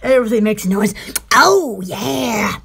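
A woman's voice: on the high side, expressive, takes it slowly, vocal fry, fairly bright tone, breathy edge. A woman hosting a casual home shopping live stream, rambling and laughing often as she chats and mimics household appliance noises.

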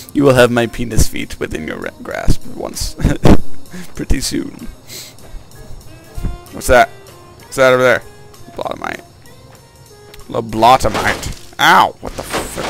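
A man doing let's play commentary, excitable, yelping and grumbling at the game. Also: medium pitch, slow, vocal fry, pauses often, music in the background. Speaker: gamer.

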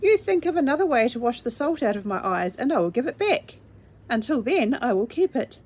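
A woman voicing a huge, kindly female giant who rumbles and grumbles, reading a storybook aloud. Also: big pitch swings, fairly quick, darkish tone, husky, heavily acted. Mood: grumbling.

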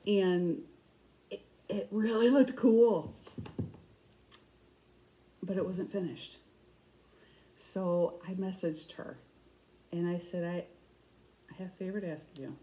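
Fast-talking woman with a Michigan accent. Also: mid-range voice, warm tone, poor audio. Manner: fast-talking, chatty, many restarts. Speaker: cross stitch vlogger. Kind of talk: casual chat to camera.

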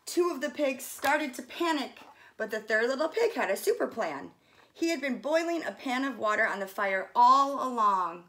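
A woman, a fitness coach, reading a children's story aloud gently and pausing softly to describe the pictures. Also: on the high side, expressive.

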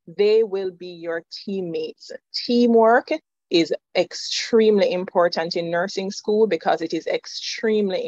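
A woman's voice: medium pitch, a little mellow, no echo. Firm woman lecturing, muffled. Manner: measured, firm, instructive. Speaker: nursing lecturer. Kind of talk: presentation to students.

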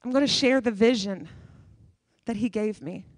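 A woman's voice: fairly high pitch, normal speed, no echo. A woman guest speaker preaching a sermon in church, emphatic and repeating her key phrases.

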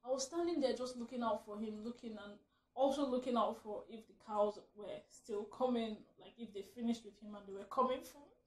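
High-voiced laughing woman in an echoey room. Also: fairly quick. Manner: animated, laughing often, acts out her own shouts. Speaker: vlogger telling a story. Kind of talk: casual storytime chat. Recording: roomy echo.

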